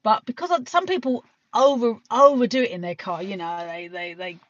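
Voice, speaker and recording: A woman's voice: on the high side, fairly quick, dry recording. British woman, live streamer; loose, chatty delivery with casual swearing, dry and dull lo-fi audio. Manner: rambling, chatty, laughs often, swears casually. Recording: dull lo-fi sound.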